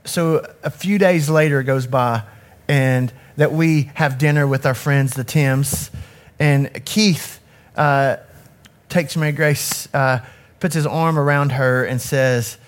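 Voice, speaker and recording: This is a forties-aged man who leads youth ministry, talking slowly in a medium-pitched voice with fairly even intonation. Holding a handheld microphone, he gives an audience an honest, self-critical personal account and keeps starting his sentences over.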